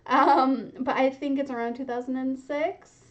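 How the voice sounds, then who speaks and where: Giggly high-voiced young woman. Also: steady tone, a little slow, muffled recording. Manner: giggly, chatty, often laughing mid-sentence. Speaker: book reaction host. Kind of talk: casual reading reaction chat.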